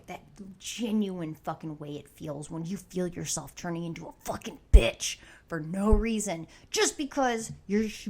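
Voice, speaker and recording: Angry woman ranting on her podcast, cussing nonstop, sarcastic. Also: fairly low pitch. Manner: angry, swears constantly, sarcastic. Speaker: podcast host. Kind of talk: profane opinion rant.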